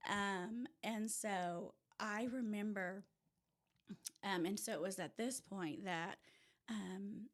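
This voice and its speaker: A woman from rural Oklahoma with an Oklahoma accent, a podcast guest telling her personal story in casual chat, lively and sometimes dropping to a near-whisper. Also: mid-range voice, takes it slowly. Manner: animated storyteller who drops to a hush at tense moments. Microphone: audio-only podcast mic.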